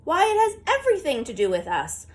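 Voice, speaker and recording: A woman reading an audiobook, voicing an eager, kindly old country grandfather who is quick to get excited. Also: mid-range voice, close to an everyday voice. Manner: eager, hearty, rising with excitement. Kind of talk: audiobook character voice.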